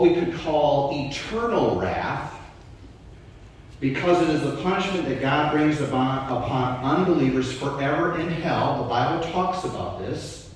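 Male pastor preaching with a lively, swinging delivery in a reverberant church, mic set a little far off. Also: a little high, slight background noise. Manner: animated preaching, voice rising and dropping. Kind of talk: sermon.

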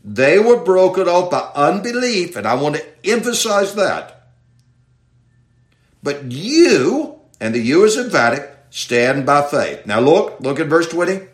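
A man teaching a Bible passage verse by verse in sermon style, reading slowly and stressing key words. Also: a little high, big pitch swings, echoey room. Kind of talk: expository sermon.

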